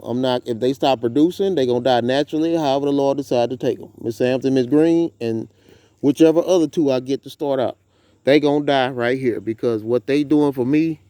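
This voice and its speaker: A man's voice: medium pitch, clean tone, dry recording. A man in his thirties with a Southern US accent, talking casually and animatedly to camera about his farm outdoors. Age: 30s. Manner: animated, preachy storytelling. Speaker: farm vlogger.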